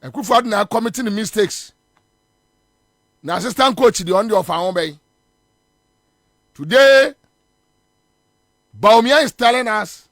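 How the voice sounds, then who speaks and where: Ghanaian radio guy ranting about politics, high voice, repeats himself, dry studio sound. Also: lively intonation, a little slow, long pauses, fairly bright tone, no echo. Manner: combative, scornful, repeats phrases for emphasis. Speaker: radio morning show host.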